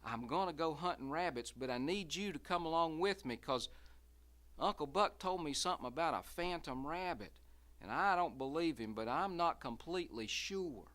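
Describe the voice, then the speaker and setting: A man's voice: on the high side, expressive, normal speed, fairly bright tone. A man storyteller voicing a hesitant young farm boy who frets as he talks. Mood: unsure. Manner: hesitant, fretful.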